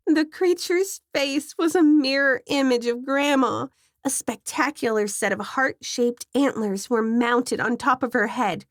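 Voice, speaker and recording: A woman narrating a scripted horror story in a measured, suspenseful way, close to the mic. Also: high-pitched, dry recording.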